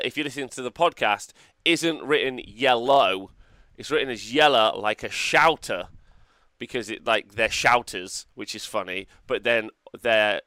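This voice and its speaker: A man hosting a wargaming show, talking through new rules in a casual, excitable way and swearing as he reacts to viewer comments. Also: mid-range voice, no echo, clean studio sound. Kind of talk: casual livestream rules review.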